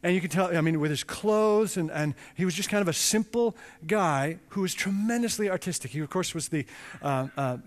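A man preaching a sermon, emphatic and animated, with chatty asides. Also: sits high, brisk. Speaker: pastor. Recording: long reverb in a large hall.

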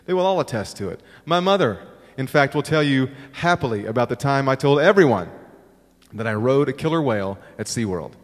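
A middle-aged man preaching in a sanctuary, his voice swinging widely and expressively as he tells stories at his own expense. He sits at an ordinary pitch, and a long reverb trails after each phrase from the large hall. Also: animated, brisk. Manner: storytelling, self-deprecating humor with acted-out quotes. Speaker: pastor. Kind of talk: sermon.

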